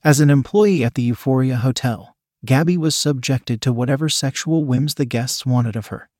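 A man narrating an adult story in an even, steady reading voice. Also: medium pitch, moderate pace, no echo, studio quality.

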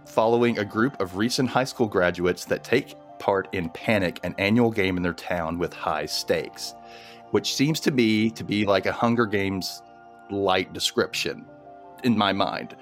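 A man's voice: low-pitched, unhurried, faint music behind. A man from Mississippi, a joking, friendly guest in a casual chat. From Mississippi, USA.

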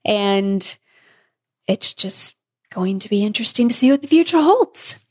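Pregnant woman on a podcast, chatty and animated, laughs a lot, average pitch. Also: unhurried, slightly rough. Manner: animated, laughing often, acting out family members' lines. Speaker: podcast co-host. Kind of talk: casual storytelling chat.

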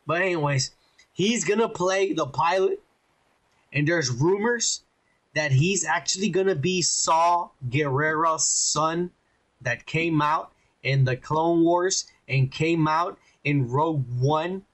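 A man co-hosting a podcast in casual chat, rambling and excitable, swearing often. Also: fairly high pitch, takes it slowly. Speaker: podcast co-host.

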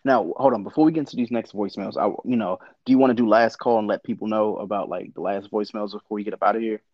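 A man's voice: lowish voice, no echo. A laid-back man co-hosting a podcast talks bluntly and simply. His voice comes through dull and lo-fi, with a dry close sound. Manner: laid-back, blunt, quick murmured agreements. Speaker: podcast co-host. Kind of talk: casual chat.

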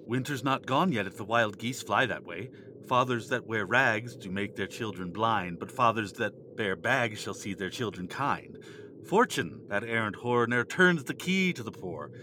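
A man's voice: on the low side, lively intonation, moderate pace, noisy background, close to an everyday voice. A man playing a sly riddling jester. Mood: mocking. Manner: sing-song rhymes and teasing quips.

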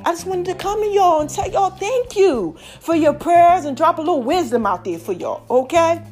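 A woman's voice: very high-pitched, lively intonation, normal speed, darkish tone, soft background music. A woman hosting a podcast, giving casual motivational talk in a playful way, repeating phrases and calling her listeners "baby.". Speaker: podcast host.

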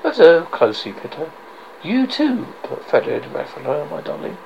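A man voicing a fat, scheming older villain baron with a rumbling low voice, gloating and commanding. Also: big pitch swings, moderate pace, gravelly, dull audio, background noise. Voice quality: rumbling basso.

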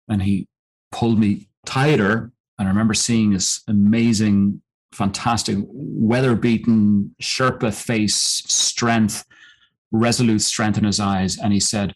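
Man, middle-aged, slightly low voice, podcast guest, reflective storytelling, halting with fillers. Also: fairly even intonation, husky, low-quality recording. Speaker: podcast guest, mountaineer and coach. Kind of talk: storytelling in an interview.

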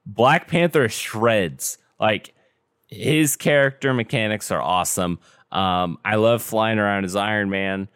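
A man hosting a casual podcast chat, giving news updates in a relaxed way with lots of ums and restarts. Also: lowish voice, a little slow, clean tone, no room sound, studio quality. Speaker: podcast host.

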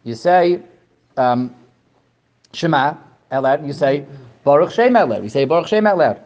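A man giving a Torah lesson to a class, animated, asking questions and often repeating words. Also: on the high side, moderate pace, lo-fi sound. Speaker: Torah teacher. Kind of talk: lecture to a class.

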